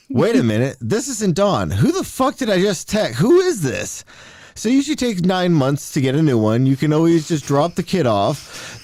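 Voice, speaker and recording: A man's voice: a little high, no room sound, studio quality. A man co-hosting a podcast, animatedly telling a funny story in casual banter. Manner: animated storyteller, reads texts aloud. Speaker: podcast co-host.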